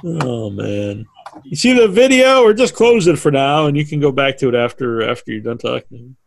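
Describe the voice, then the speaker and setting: A man's voice: mid-range voice, animated, moderate pace, gravelly, slight background noise. A man hosting a podcast live stream in a casual, joking, teasing and rambling way. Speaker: podcast host.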